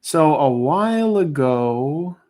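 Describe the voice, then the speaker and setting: A man's voice: fairly high pitch, animated, a little mellow. A man hosting a casual livestream auction, rambling between lots and drawing out his bid calls. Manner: rambling, self-interrupting, drawn-out bid calls.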